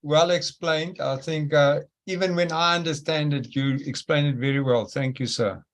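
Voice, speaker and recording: A man on a video call during a trading class, with a gravelly edge to his fairly high voice. He talks casually and hesitantly, pausing on fillers. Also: steady tone. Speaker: student trader.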